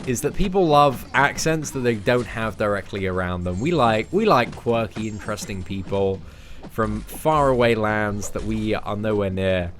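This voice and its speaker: A man's voice: on the low side, lively intonation, moderate pace. A young English man streaming a mobile game, chatting casually and answering viewers' questions. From England. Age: young adult. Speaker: game streamer reading chat. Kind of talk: casual livestream chat.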